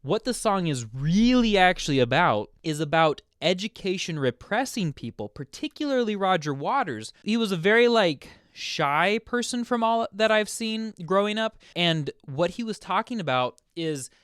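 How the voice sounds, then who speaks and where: A man hosting his own channel, explaining a song's meaning in a casual, chatty way, full of "like" and quick asides. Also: sits high, smooth, dry recording, clean studio sound. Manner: chatty, filler-heavy, animated. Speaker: music explainer host. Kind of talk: casual explanatory video commentary.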